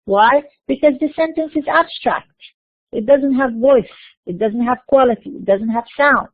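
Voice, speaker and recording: A linguistics lecturer with a high voice speaks a little slowly in a classroom lecture, captured as dry, tinny, phone-like audio with no echo. She explains by repeating herself and posing questions to herself.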